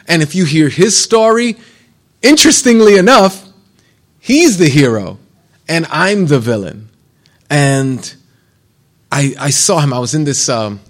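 Man, middle-aged, pastor, conversational sermon, storytelling, light humor, mid-pitched voice. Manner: conversational preaching with personal stories and humor.

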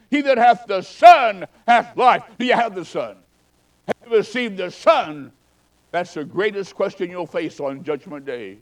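Fervent preaching man, higher-pitched voice. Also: poor audio. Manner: fervent, swings between loud exhortation and hushed storytelling. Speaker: evangelist preacher. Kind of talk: sermon.

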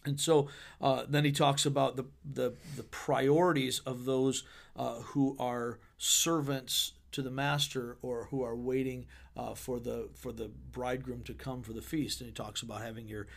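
A man with a gravelly, mid-pitched voice talks through a Bible chapter as a pastor on a podcast. He is loose and conversational and reads the verses aloud with a playful, paraphrasing touch. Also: flat delivery, moderate pace. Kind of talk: podcast sermon discussion.

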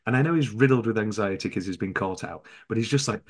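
Talking about a film on his casual podcast, the male host stays animated and often mimics the characters in high voices.

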